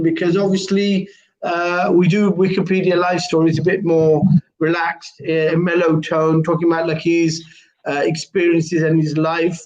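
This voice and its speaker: A man hosting a live stream chat, talking in a rambling way with many fillers. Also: high voice. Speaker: host. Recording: dull lo-fi live stream audio.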